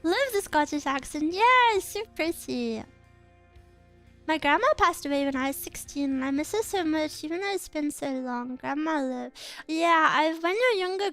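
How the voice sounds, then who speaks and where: High-voiced chatty young woman streamer. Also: fairly bright tone, no echo. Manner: chatty, rambling, giggly. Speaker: VTuber streamer. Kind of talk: casual chat stream.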